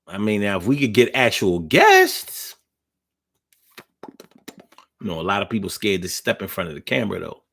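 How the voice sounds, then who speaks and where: Reading viewer comments on a livestream, this man launches into a blunt, preachy rant full of profanity and street slang. His lowish voice swoops wildly in pitch, carries vocal fry and a fairly bright tone, and moves at a moderate pace with frequent pauses.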